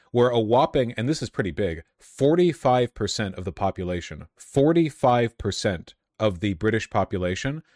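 Man, casual commentary, sardonic, profane, deep-ish, dry close mic. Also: no room sound. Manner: sardonic, profane, laughing asides.

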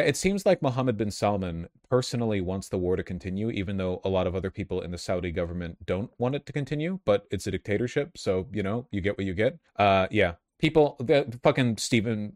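A man's voice: lowish voice, a little mellow, no room sound, clean studio sound. A man giving casual political commentary as a streamer, blunt, profane and sardonic.

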